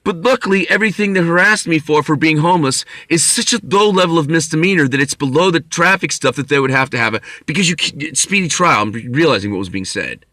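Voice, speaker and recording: Rambling guy vlogging, cussing, bright voice, dry sound. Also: on the high side, animated, quick pace, few pauses, no room sound. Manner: rambling, profane, wry. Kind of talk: rambling monologue.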